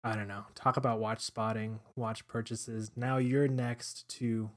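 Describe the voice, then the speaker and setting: A man co-hosting a casual podcast, easygoing and quick to laugh. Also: mid-range voice, flat delivery. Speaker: podcast co-host. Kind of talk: casual chat.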